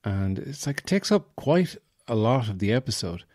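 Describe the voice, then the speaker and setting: A man's voice: fairly low pitch, very animated, normal speed, darkish tone, no room sound, clean studio sound. A man hosting a podcast in rambling, jokey casual chat. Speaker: podcast host.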